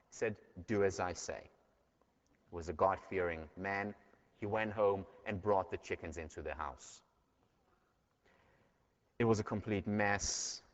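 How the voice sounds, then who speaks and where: A man's voice: sits low, a bit bright. A man giving a university lecture and telling stories in an earnest way, heard in a dull recording from a large lecture hall. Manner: earnest, storytelling.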